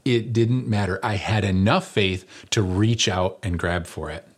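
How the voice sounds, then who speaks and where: A man's voice: on the low side, a little slow, husky. A man preaching a conversational sermon as pastor, earnest and building to emphatic peaks, with touches of light humor.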